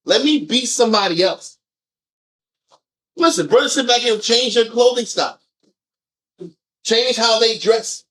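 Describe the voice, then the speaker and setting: A man leading a group scripture discussion, animated and firing off rhetorical questions. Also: extremely high pitch, unhurried, long pauses. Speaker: discussion leader.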